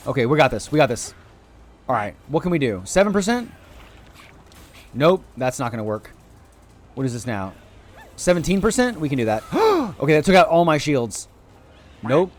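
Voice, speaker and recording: Lively excitable male game streamer. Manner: excitable, chatty, bursts of high-pitched exclamations. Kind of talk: live gameplay commentary.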